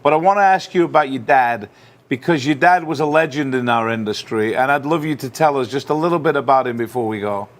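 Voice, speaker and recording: A man's voice: mid-range voice, fairly quick. A man hosting a casual interview, guiding the talk with short friendly remarks. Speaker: host.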